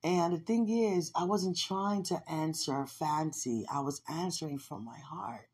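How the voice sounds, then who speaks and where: Lady talking about god on her podcast, kinda husky, low-ish, gets emotional n laughs a lot. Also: a little slow, a little mellow. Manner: laughs often, fervent and emotional. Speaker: podcast host. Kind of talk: devotional personal talk.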